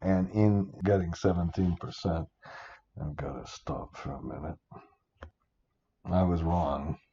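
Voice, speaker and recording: Older male instructor, slow and mellow, rambling and self-interrupting, dull lo-fi capture. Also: deep voice, fairly even intonation, vocal fry, slight background noise. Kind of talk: rambling screen-recorded spreadsheet tutorial.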